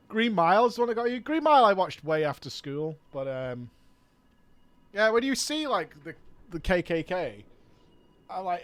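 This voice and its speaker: Rambling streamer, higher-voiced man. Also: big pitch swings, moderate pace, fairly bright tone. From United Kingdom. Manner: rambling, swears freely, trails off searching for words. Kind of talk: casual chat while gaming.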